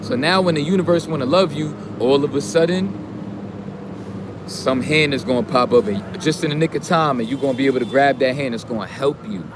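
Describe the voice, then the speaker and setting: A man giving a casual, profane motivational rant in street slang, preaching and sometimes shouting. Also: mid-range voice, fairly quick, noisy background. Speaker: streamer giving motivational talk.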